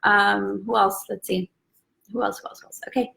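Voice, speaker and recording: A woman's voice: medium pitch, flat delivery, moderate pace, vocal fry, pushed and bright, echoey room, slight background noise. A woman hosting a casual live stream, upbeat and chatty as she greets viewers by name. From Southern California.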